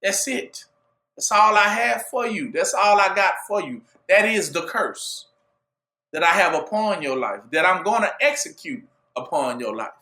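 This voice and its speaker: A man preaching a call-and-response sermon, asking "what?" for the listeners to fill in and rising to shouts at his peaks. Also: high-pitched, animated, unhurried, echoey room. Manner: asks "what?" for the audience to fill in.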